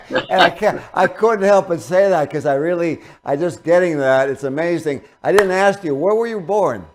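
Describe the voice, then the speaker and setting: A man's voice: fairly high pitch, moderate pace, background noise. A male interview host who asks questions and pays rambling, effusive compliments. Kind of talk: casual interview talk.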